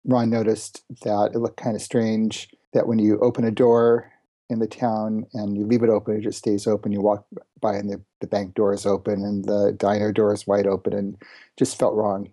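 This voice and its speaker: A man's voice: fairly low pitch, warm tone. A man giving a plain, matter-of-fact progress report in a casual team meeting about game development.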